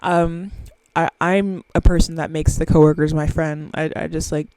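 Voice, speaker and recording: Animated young woman, dry close mic. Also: low-pitched, moderate pace, dry recording. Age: young adult. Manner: animated, silly and excitable, with bursts of squeals. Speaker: podcast host. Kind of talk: casual solo podcast chat.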